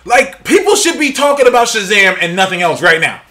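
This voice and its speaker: A man co-hosting a podcast in casual chat, animated and laughing often. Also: high voice, a little fast. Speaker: podcast co-host.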